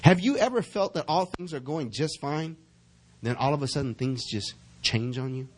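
A middle-aged man preaching a sermon as pastor, reading verses slowly and building in intensity, calling on the congregation to answer back. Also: a little high, expressive. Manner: calls for congregation responses.

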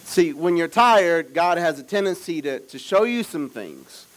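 A man pastor preaching an energetic sermon with call-and-response, swinging from shouts to quiet asides. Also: fairly high pitch, unhurried, rough recording. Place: church service with children present.

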